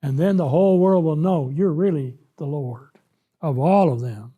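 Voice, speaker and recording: A man's voice: on the high side, slightly rough. A man preaching a Bible lesson, emphatic, reading scripture aloud and acting out the words of God with rising force. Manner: slow, emphatic, rises loud when voicing God.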